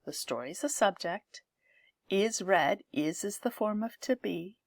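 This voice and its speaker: Slow, careful woman teaching grammar. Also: mid-range voice, animated, no room sound, studio quality. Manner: slow, careful explaining, reading example sentences aloud. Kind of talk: grammar lesson.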